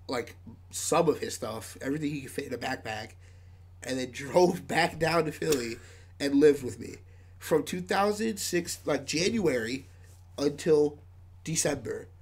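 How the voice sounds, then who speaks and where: Podcast guest, man, gravelly voice, casual rambling storytelling. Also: mid-range voice. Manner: rambling, many "like"s, laughs often. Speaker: podcast guest, band member.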